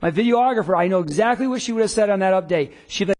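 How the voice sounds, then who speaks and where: A man coaching a room of business people in a live workshop, talking in a lively, conversational way and acting out quotes. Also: high-pitched, very fast, hardly any pauses. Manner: energetic, conversational, acts out quotes. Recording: long reverb of a hall.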